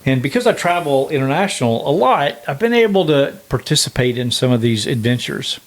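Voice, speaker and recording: A man's voice: medium pitch, big pitch swings, brisk. A man co-hosting a casual podcast, chatty and laughing at himself as he tells travel stories. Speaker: podcast co-host. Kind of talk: casual chat.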